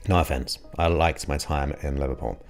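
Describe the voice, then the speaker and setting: A man's voice: a bass voice, fairly even intonation, moderate pace, faint music behind. A man from England hosting his show, chatting casually and enthusiastically with viewers. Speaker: podcast host. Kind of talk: casual livestream chat.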